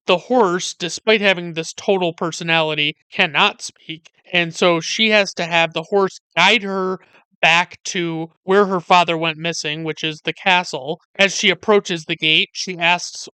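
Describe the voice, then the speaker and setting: Bright, crisp-voiced man reviewing a film. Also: high voice, dry recording, studio quality. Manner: chatty, wry and sarcastic, with digressions and many "like" fillers. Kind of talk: casual narrated movie review.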